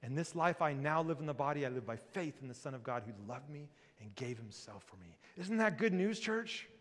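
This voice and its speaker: A male pastor preaching a sermon with lively delivery, rising loud and dropping to a hush. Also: mid-range voice, a little fast. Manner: lively preaching, swings between loud and hushed. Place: church sanctuary. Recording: long reverb of a church hall.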